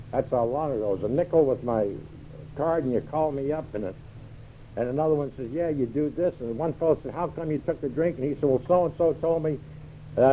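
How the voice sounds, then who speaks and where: A slightly high-voiced older American man speaks at a recovery meeting in a large hall with a live audience, acting out dialogue in a wry, self-mocking story. The dull, lo-fi 1978 tape has slight background noise.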